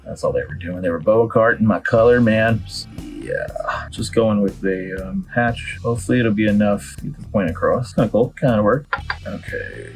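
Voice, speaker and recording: A man's voice: lowish voice, moderate pace. Laid-back rambling man with a drawl. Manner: rambling, joking, self-interrupting, laid-back. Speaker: artist making a drawing video. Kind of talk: casual chat while drawing. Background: faint guitar background music.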